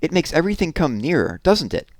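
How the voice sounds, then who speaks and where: An eager little baby barn owl from a storybook, as a man puts him on, curious about everything. The voice is pitched high and bounces up and down, and it sounds close and dry, with no room around it. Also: quick pace, no room sound. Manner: wide-eyed, curious and excitable.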